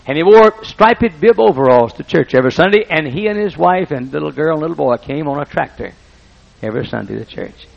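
A man's voice: fairly high pitch, animated, fairly quick, vocal fry. A man preaching a sermon, telling folksy, humorous stories and often breaking off mid-sentence. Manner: folksy, humorous anecdotes with self-interruptions. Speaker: pastor. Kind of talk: storytelling sermon. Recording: dull lo-fi recording.

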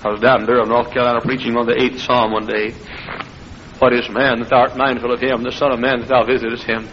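A middle-aged man preaching an impassioned revival sermon that builds into shouting. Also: mid-range voice, level tone, quick pace, a little hiss or hum. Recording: muffled old sermon recording.

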